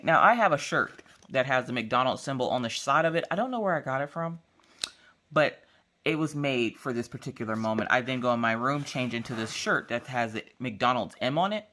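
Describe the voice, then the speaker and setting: A woman vlogging about diamond painting, chatting casually as she works and telling stories in a lively, slangy, playful way. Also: a bass voice, brisk. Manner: acts out quotes in changing voices. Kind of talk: casual chat while crafting.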